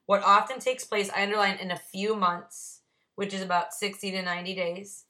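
A woman's voice: medium pitch, steady tone, normal speed, pushed and bright. A woman leading a recovery book study, reading passages aloud and explaining the notes she wrote beside them. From Ohio, USA. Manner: reads passages then explains her own notes. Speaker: AA Big Book study leader. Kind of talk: reading aloud and commenting on a text.

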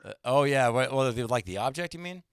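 A man hosting a podcast in casual chat, joking and animated. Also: medium pitch, a little fast, smooth, no room sound, clean studio sound. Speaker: podcast host.

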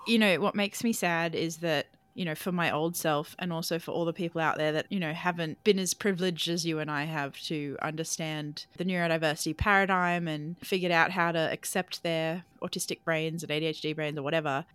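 A woman's voice: low-pitched, steady tone, brisk, few pauses, a bit bright, clear, resonant tone, no room sound. An Australian woman hosting a podcast, eagerly affirming her guest and explaining with long examples. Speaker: podcast host. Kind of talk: casual podcast conversation.

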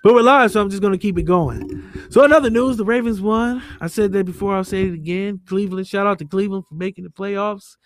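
A man with a high-sitting voice hosts a casual podcast over a remote call, talking fast, joking loosely, and swearing freely. There's a slight hiss or hum on the audio.

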